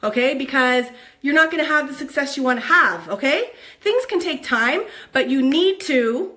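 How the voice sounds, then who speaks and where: A high, bright-voiced woman talks straight to the camera in an upbeat motivational vlog. She is bubbly and excitable, coaching her viewers as someone who works in online network marketing. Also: normal speed.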